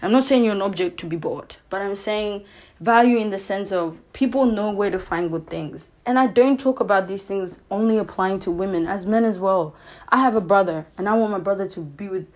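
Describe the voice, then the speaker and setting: A woman's voice: medium pitch, fairly quick. A young woman, hosting a podcast and giving casual, opinionated relationship advice with lots of "you know what I'm saying". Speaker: podcast host.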